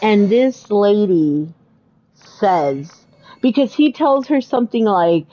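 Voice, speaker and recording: A woman's voice: medium pitch, animated, slow pace, mellow, low-quality recording. A woman co-hosting a podcast, chatting casually and retelling movie scenes with exclamations and fillers. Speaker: podcast co-host. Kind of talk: casual chat.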